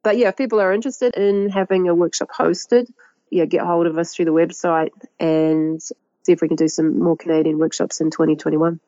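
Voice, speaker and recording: A middle-aged woman with a New Zealand accent, a guest who talks about her work in a lively, chatty way and laughs often. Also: on the low side, fairly quick, no echo, lo-fi sound. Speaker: guest, agroecologist and author. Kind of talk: conversational interview.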